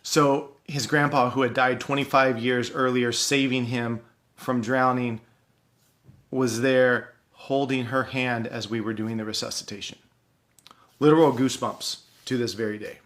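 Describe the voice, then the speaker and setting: A man, an ER doctor, earnestly recounting a true story from work in a measured, pausing way. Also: mid-range voice, flat delivery, fairly bright tone. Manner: earnest, measured, pauses for effect. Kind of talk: personal storytelling.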